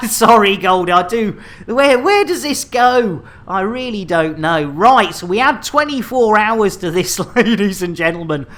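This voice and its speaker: A man's voice: high voice, a bit bright. Male streamer, cheeky and chatty, playful live gameplay commentary. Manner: jokey, innuendo-laden, chatty with viewers. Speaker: game streamer.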